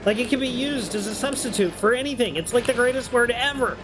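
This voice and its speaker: A man's voice: very high-pitched, animated, quick pace. A man from New York with a slight Southern drawl, chatting casually and swearing freely while streaming a video game. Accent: mild Southern drawl. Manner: chatty, profane, laughs often. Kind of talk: casual gameplay commentary.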